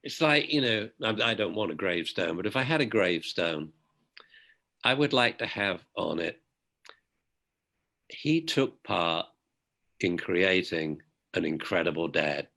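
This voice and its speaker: A man's voice: low voice, lively intonation, creaky, pushed and bright. Older man telling a moving story. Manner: emotional, halting with repeated restarts. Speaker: guest. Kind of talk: reflective storytelling.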